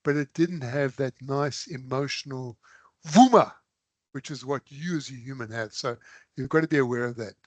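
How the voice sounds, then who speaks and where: A man's voice: mid-range voice, moderate pace, no echo. A man presenting a live online engineering webinar, chatty and loose, with sudden emphatic bursts.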